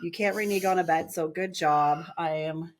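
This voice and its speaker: A woman's voice: fairly low pitch, moderate pace. A woman hosting a casual family podcast, teasing gleefully and laughing often. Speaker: podcast host. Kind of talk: casual chat.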